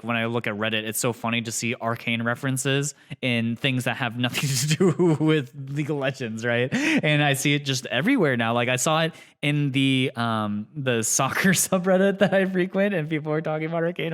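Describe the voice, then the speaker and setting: A man co-hosting a casual podcast, speaking into a podcast microphone. His voice is smooth and resonant, and he thinks aloud, hedging with fillers. His pitch sits at an everyday middle. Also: animated, brisk, hardly any pauses, fairly bright tone. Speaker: podcast co-host.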